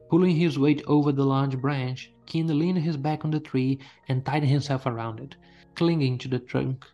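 A man's voice: mid-range voice, normal speed, muffled recording. Man narrating a story over music. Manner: steady storytelling, first person.

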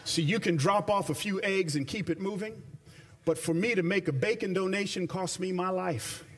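A preacher doing a slangy streetwise pig. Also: male voice, high-pitched, moderate pace. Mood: casual. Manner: slangy, laid-back. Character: streetwise male pig in a joke.

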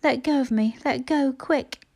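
A woman's voice: mid-range voice, lively intonation, moderate pace, a little mellow. A woman doing a hurt, proud schoolboy. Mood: in pain.

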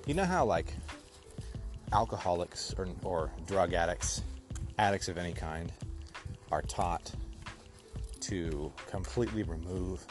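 A man's voice: sits low, expressive, a little slow, music in the background. A man keeping a casual audio diary outdoors, thinking aloud and rambling with many restarts. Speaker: podcast host.

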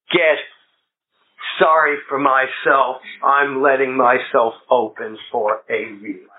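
Middle-aged man, recovery meeting speaker, unhurried and anecdotal, lo-fi phone-like recording. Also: mid-range voice. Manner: plain-spoken, anecdotal, self-deprecating humor. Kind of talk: personal recovery talk. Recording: phone-like lo-fi with faint hiss.

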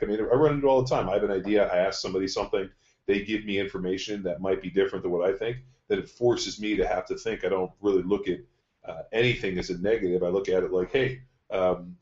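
Blunt, profane man with a deep voice. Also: darkish tone. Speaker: podcast host, strength coach. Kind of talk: casual podcast talk. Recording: dull, roomy studio sound.

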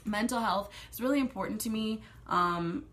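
A woman's voice: medium pitch, normal speed, a bit bright. A young adult woman hosting her own podcast, rambling casually, swearing freely and sometimes dropping to a whisper. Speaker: podcast host. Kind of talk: casual solo podcast monologue.

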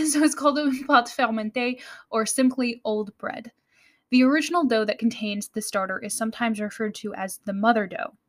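An American woman hosting a baking podcast. Her voice sits a little high, and she explains in a friendly manner with light laughs and the odd self-correction. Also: fairly bright tone. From United States. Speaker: podcast host. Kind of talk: scripted podcast narration.

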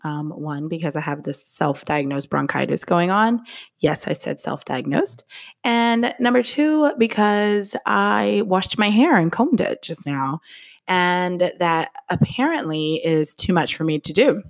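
A woman's voice: fairly low pitch, lively intonation, unhurried, vocal fry. A woman hosting her own podcast in casual solo chat, out of breath and candid, laughing at herself. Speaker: podcast host. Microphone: podcast microphone.

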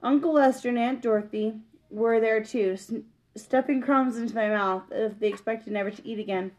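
A woman reading a children's book aloud, plain and steady, with small slips. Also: a little high, moderate pace, rough recording. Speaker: reader.

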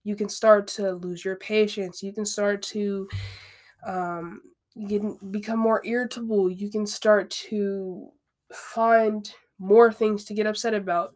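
A woman hosting a podcast, talking through self-help advice in a candid, conversational way, with frequent asides and repeated phrases. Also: medium pitch. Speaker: podcast host. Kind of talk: casual self-help monologue.

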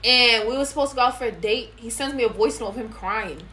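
Young woman talking fast and brash, bright voice, lotta slang, faint hiss behind. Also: a little high. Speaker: podcast co-host. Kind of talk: casual chat.

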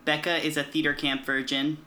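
Male co-host, bright, tense tone, snarky and giggly, quick jokes. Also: fairly high pitch, level tone, slight background noise. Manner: snarky, giggling, playful mock impressions. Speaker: podcast co-host. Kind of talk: casual chat.

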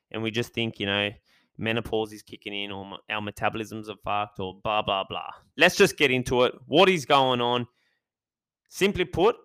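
A man hosting his own podcast in an energetic, chatty monologue. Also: mid-range voice, clean tone, dry recording, studio quality. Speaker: podcast host.

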